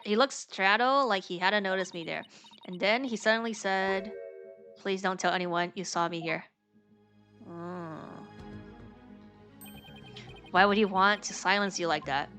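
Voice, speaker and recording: A woman's voice: mid-range voice, bright, forceful tone. A woman streaming a story game, reading its dialogue aloud with casual, slangy asides. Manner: casual, swears and laughs between lines.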